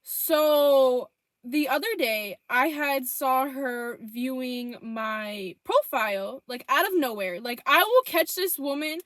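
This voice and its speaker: A woman's voice: sits high, slow, a bit bright, dry recording. A young woman telling a storytime vlog, blunt and heavy on profanity, reading out text messages.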